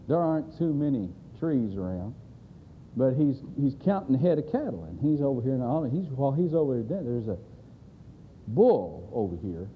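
A man's voice: medium pitch, dark tone, a little hiss or hum, rough recording. A man preaching a sermon, telling a folksy joke and acting out the voices. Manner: folksy storyteller, drawling, acts out voices.

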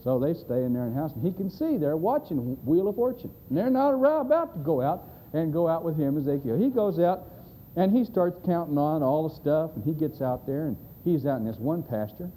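A man's voice: a little high, very animated, fairly quick, dark tone, a little hiss or hum, rough recording. A man preaching a sermon, telling a folksy joke and acting out the voices. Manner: folksy storyteller, drawling, acts out voices.

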